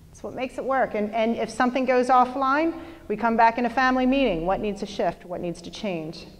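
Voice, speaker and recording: A woman leading a motivational seminar, talking in a lively, chatty way and putting questions to her audience. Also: a little high, brisk, big-room sound. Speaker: workshop presenter. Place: lecture hall with an audience.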